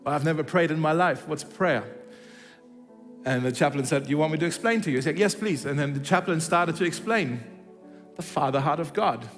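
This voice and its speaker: Man, pastor, storytelling sermon, slightly high voice, long hall reverb. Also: brisk, faint music behind. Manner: animated storyteller acting out dialogue, many restarts. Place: church hall.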